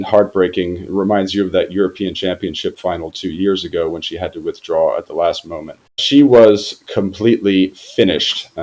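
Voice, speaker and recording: A man from Germany, speaking as a football reporter guest on a podcast in a formal, measured way with frequent hesitations. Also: sits low, darkish tone, rough recording. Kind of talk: podcast interview.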